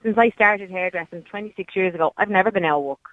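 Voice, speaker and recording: A woman's voice: mid-range voice, quick pace, no echo. A woman in her forties with a Dublin accent, calling in to a radio show. She chats casually and stops now and then with an um. Her voice comes through a tinny, dry phone line. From Dublin, Ireland. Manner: casual, hesitant with ums. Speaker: caller. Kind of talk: phone-in call.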